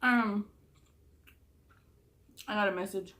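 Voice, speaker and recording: A young woman with a Southern California accent telling a story casually in a vlog, swearing a lot and acting out quotes in a higher voice. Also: fairly even intonation, slow, fairly bright tone. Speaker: vlogger. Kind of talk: casual storytelling while eating.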